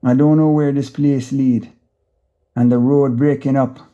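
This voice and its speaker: A man's voice: medium pitch, little pitch movement, measured pace, mellow, lo-fi sound. Jamaican man narrating a frantic monologue. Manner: frantic, rambling inner monologue in patois. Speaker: audiobook narrator. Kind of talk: first-person audiobook narration.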